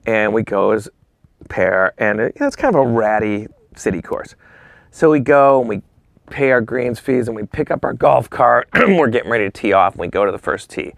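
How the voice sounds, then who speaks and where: A man's voice: medium pitch, lively intonation, normal speed, gravelly, dry recording, clean studio sound. A man telling a long story as a podcast guest, acting out the other people's lines and dropping into whispers. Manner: acts out quoted voices, drops to whispers. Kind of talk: animated storytelling.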